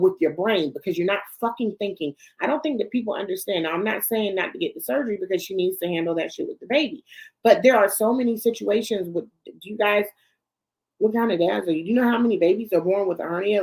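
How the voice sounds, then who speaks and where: A woman's voice: medium pitch, darkish tone. Blunt, profane woman ranting about gossip. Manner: talks straight to the people she discusses. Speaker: host. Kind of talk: celebrity gossip commentary.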